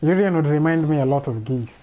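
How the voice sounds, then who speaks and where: A man's voice: on the high side, animated, a little fast, mellow, soft background music, low-quality recording. A man hosting a casual livestream alone, thinking aloud in a rambling way with frequent restarts. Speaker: livestream host. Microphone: streaming microphone.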